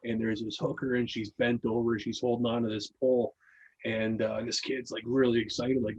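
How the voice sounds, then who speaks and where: Casual podcast storyteller, male, husky, rambling delivery, dull lo-fi sound. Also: mid-range voice, flat delivery, normal speed. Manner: rambling, many restarts and fillers. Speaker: podcast guest reading his own article.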